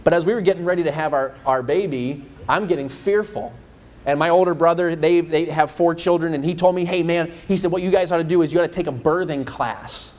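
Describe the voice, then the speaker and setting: A young male evangelist tells a personal story from the pulpit in a slightly high voice. He speaks conversationally and pokes fun at himself, speeding through some phrases and slowing down on others for weight. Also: darkish tone. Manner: storytelling, conversational, self-deprecating. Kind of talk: sermon.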